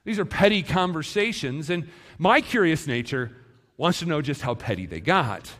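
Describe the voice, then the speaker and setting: A man preaching a sermon in a church, animated and acting out the disciples' words. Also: fairly high pitch, normal speed. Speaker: pastor. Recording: long hall reverb.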